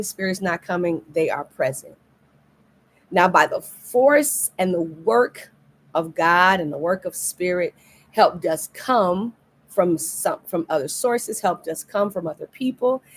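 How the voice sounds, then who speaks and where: A middle-aged woman pastor with a lowish, husky voice gives a devotional sermon indoors, recorded for a livestream. She is earnest and repeats key phrases for emphasis.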